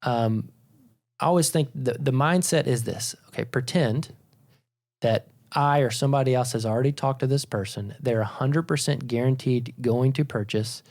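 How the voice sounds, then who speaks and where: A man's voice: mid-range voice, normal speed, darkish tone. A man co-hosting a sales podcast, explaining things in an emphatic, instructive way. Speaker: podcast co-host and sales trainer. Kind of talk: podcast discussion.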